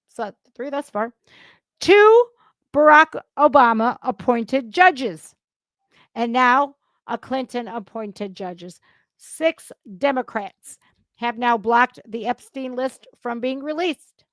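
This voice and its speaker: A woman's voice: a little high, a bit bright, dry recording, clean studio sound. A woman hosting a casual political reaction show, blunt and heated, swearing freely and breaking into sudden outbursts. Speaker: political commentary host.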